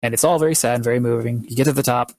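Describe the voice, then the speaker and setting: A man's voice: medium pitch, fairly even intonation, racing, a little mellow, dry recording, clean studio sound. A man co-hosting a podcast, recapping at length in a loose, rambling way with lots of fillers. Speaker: podcast co-host. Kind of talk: casual podcast chat.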